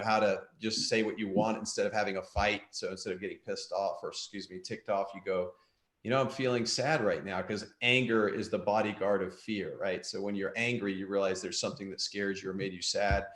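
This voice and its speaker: A man in his fifties giving a candid, self-deprecating motivational talk to an audience, often restarting his sentences. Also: lowish voice. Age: 50s. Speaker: guest speaker. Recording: echoey room.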